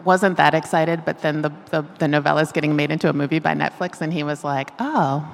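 A woman's voice: low voice, little pitch movement, fast, vocal fry. A middle-aged woman, an author, speaking thoughtfully in a conversational interview and laughing often. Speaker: author guest. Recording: long reverb of a hall.

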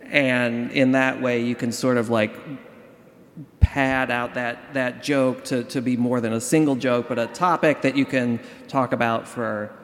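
A man, a comedian guest, explaining his process in a relaxed, rambling way. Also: mid-range voice, unhurried. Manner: relaxed, explanatory, many fillers. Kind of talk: casual panel conversation. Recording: long hall reverb.

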